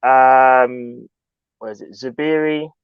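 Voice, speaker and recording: A man's voice: medium pitch, steady tone, takes it slowly, clear, resonant tone, no echo. Laid-back man hosting, dull lo-fi sound. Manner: laid-back, slangy, says "bro" a lot. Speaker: host. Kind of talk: casual call-in chat.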